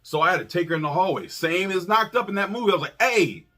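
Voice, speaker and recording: A man co-hosting a casual chat, telling a story in an animated, profane way and acting out quotes. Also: sits high, racing. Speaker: podcast co-host.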